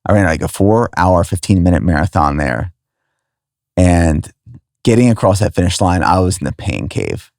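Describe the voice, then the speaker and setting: A man with a very deep voice hosts a podcast. He asks short questions and looks back on memories in a reflective way. His voice is dry and close to the mic. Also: expressive, moderate pace, gravelly, a little mellow, dry recording. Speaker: podcast host. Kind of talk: casual conversation.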